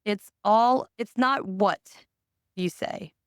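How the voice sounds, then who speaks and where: Woman podcast host, candid and foul-mouthed, clear tone, dry close mic. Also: medium pitch, slow, no room sound. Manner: blunt, candid, swears freely. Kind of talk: casual chat.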